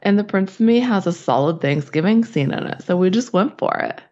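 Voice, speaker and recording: Congested woman cohost, husky, cursing a lot, lively pitch, muffled lo-fi sound. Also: a little fast. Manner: swears casually, laughs often. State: congested from a sinus infection. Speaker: podcast co-host. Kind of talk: casual chat. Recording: dull lo-fi sound.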